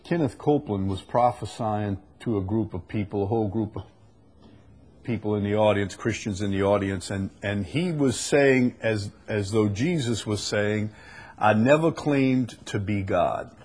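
A man's voice: on the low side, moderate pace, a little mellow. A man preaching a sermon and reading scripture aloud, earnest and rising to emphasis on the verses.

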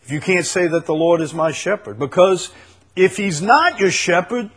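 A man preaching a sermon, repeating key phrases and swinging between loud proclaiming and quiet intensity. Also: high-pitched, animated, normal speed, breathy edge.

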